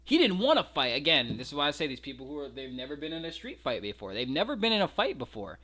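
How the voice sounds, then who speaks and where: A man's voice: medium pitch, expressive, fast, pushed and bright. A man giving a casual, incredulous breakdown of fight footage, mocking and swearing freely. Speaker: wrestling commentary vlogger.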